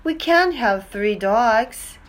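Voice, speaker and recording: Old Noah from a storybook, keen and busy as he calls the animals aboard, as a woman reads him out. The voice rides high and lively, with wide swings in pitch. He takes his words slowly and carefully. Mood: urgent. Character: Noah, old bearded man building the ark. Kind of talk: children's storybook reading.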